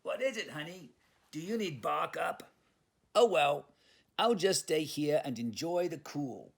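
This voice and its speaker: A small, complaining Chihuahua, as a man reading a picture book puts him on. He speaks higher and louder than the reader's own voice, whining and grumbling, with a lively lilt. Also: measured pace, gravelly, breathy edge, full character voice. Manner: raised, whiny and complaining. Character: fussy little male Chihuahua.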